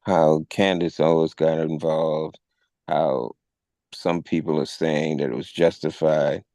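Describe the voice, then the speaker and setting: In a conversational retelling of a news story, a podcast co-host speaks slowly in a low, dark voice with little pitch movement. He tells it in a measured way, raising his voice to act out the officers he quotes, and the recording has no echo.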